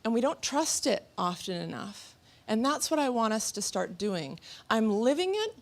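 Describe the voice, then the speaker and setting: A woman in her thirties giving a motivational talk on stage before a live audience, telling stories with animated energy and laughter. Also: fairly high pitch, normal speed. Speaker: motivational speaker.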